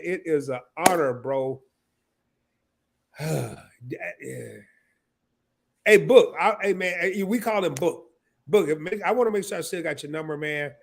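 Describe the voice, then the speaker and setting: A man's voice: on the high side, vocal fry. A man in his fifties hosting a live stream, casual and emotional, sniffling and stammering through restarts as he talks. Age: 50s.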